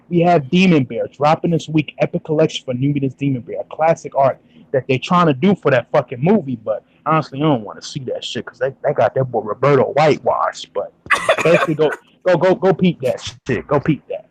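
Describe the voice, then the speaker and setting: A man's voice: fairly high pitch, animated, a little fast, slightly rough, no echo, rough recording. A man co-hosting a casual podcast, giving laid-back, rambling recommendations full of fillers. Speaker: podcast co-host.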